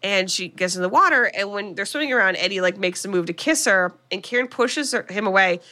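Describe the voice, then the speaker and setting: A woman co-hosting a comedy podcast, recapping a horror film with animated voices for the characters and casual swearing. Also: medium pitch, brisk. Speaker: podcast co-host.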